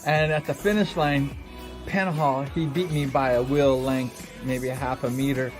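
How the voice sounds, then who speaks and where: Animated man telling racing stories. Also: mid-range voice, a little slow. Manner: animated, acts out quotes, many fillers. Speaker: former speedway rider. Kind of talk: casual personal storytelling. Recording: music under the voice. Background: background music.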